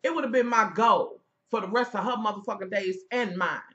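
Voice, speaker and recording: A woman giving heated, profane commentary as she reviews a reality TV episode, sassy and loud. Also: mid-range voice, fairly quick, highs cut off.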